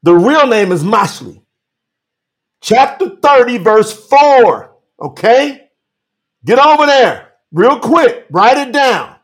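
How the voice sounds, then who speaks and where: A man preaching on a live stream, animated, calling out to viewers by name and reading scripture slowly for emphasis. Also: very high voice. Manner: Southern-style 'y'all' address, drawn-out emphatic reading. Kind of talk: livestream sermon reading scripture.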